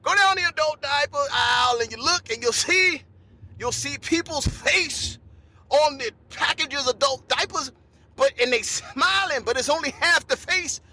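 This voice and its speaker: A man's voice: very high-pitched, bright, forceful tone. A man hosting a comedy podcast, delivering a rambling stand-up style monologue and often breaking in with "listen" and "right?".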